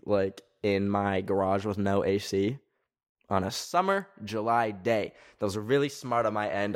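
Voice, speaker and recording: A man hosting a podcast from his garage, chatting casually and reading listener stories in an expressive voice with sudden jumps up in pitch. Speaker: podcast host. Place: hot garage.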